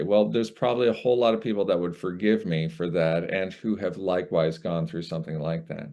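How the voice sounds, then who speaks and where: A man's voice: deep voice, steady tone, fairly quick, vocal fry, few pauses, mellow, highs cut off. A man, a guest audiobook narrator in casual conversation, rambling and reflective, with frequent restarts.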